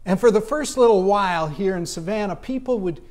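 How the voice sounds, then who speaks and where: A man's voice: high-pitched, animated, brisk, a little mellow. A middle-aged man from Canada with a Canadian accent, preaching a sermon in a folksy, storytelling way and acting out voices. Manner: folksy, acts out voices in his stories. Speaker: pastor.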